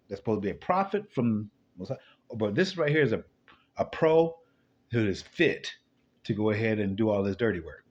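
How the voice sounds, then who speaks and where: A man preaching in a loose, rambling way over scripture, full of swearing, who drops to low mutters and then jumps into sudden high bursts. His voice sits at an ordinary pitch for a man, and the recording sounds dull and lo-fi. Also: very animated, moderate pace. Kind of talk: loose spoken scripture commentary.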